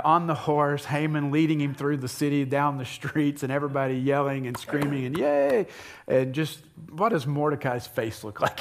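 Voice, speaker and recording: A pastor giving a sermon, retelling a story in an animated, conversational way with asides to the congregation. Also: male voice, medium pitch.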